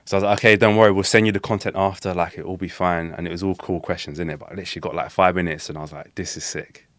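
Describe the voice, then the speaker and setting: A young man telling street-interview stories in slangy, animated casual chat as a podcast guest. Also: low-pitched, very fast, no room sound.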